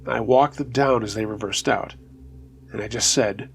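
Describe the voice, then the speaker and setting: A man hosting a storytelling channel, reading true scary stories in a steady, low-key scripted narration. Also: normal speed, gravelly, slight background noise.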